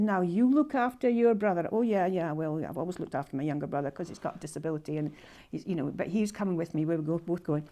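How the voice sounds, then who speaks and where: A woman's voice: on the high side, a little mellow. Heartfelt Scottish woman telling a story. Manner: halting, repetitive and heartfelt. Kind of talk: live personal storytelling.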